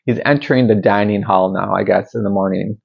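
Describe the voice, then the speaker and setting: A man's voice: on the low side, steady tone, brisk, gravelly, lo-fi sound, background noise. A man hosting a movie reaction video, chatting in an upbeat way and wondering aloud about what he sees. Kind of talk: casual reaction commentary.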